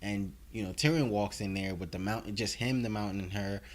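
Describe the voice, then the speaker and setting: A man's voice: on the low side, brisk. A man casually recapping and reviewing a TV episode, rambling along with many filler words. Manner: rambling, heavy on "you know" fillers.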